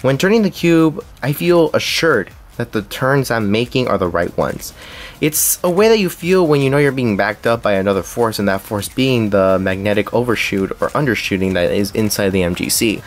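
A man's voice: on the low side, lively intonation, moderate pace. A young man narrating a scripted puzzle cube review, reading along with small slips and restarts.

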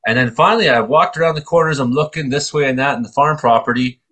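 A middle-aged man from Canada, co-hosting a casual chat and telling stories in an animated way with acted-out voices. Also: mid-range voice, fast, husky. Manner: animated storyteller, acts out voices. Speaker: co-host.

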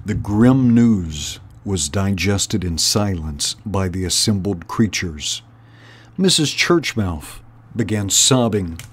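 A man reading a children's novel aloud in an unhurried, deliberate way, as host of a storytime channel. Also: low voice, animated, breathy edge.

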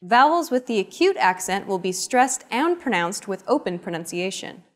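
A woman narrates a language lesson, explaining each rule in an even, steady voice. Her delivery is scripted and explanatory, at a mid pitch. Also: normal speed, soft background music.

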